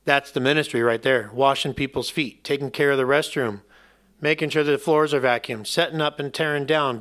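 A male pastor giving a sermon in a conversational, emphatic style, slipping in some humor. His voice sits a little high and sounds bright and forceful.

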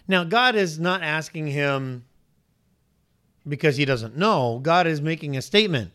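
A man preaching a sermon to a congregation, animated and questioning, his pitch rising sharply on points of emphasis. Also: measured pace. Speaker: pastor.

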